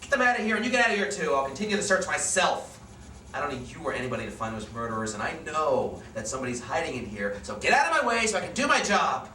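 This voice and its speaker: A man's voice: a little high, sing-song, fast, slight background noise. A man playing a harsh, hateful army captain who barks orders and bullies, in a stage play reading. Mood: furious. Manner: barking, bullying, shouting orders. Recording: echoey room, mic at a distance.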